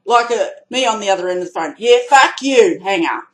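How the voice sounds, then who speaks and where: A woman with an Australian accent ranting angrily into her camera, blunt, swearing and rising to loud outbursts. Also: medium pitch, fast, low-quality recording. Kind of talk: angry vlog rant.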